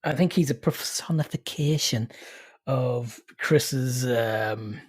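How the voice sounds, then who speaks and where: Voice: medium pitch, slow, breathy edge. A podcast co-host chatting casually about a film, wry and dry in their put-downs. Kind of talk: casual movie review chat.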